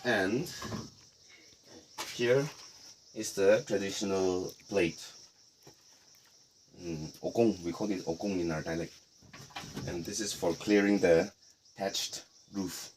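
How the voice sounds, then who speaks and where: A middle-aged man from Nagaland, guiding a casual tour of a heritage house in a relaxed, explanatory way with playful asides. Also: deep voice, takes it slowly, long pauses, slight background noise. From Nagaland, India. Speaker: tour guide.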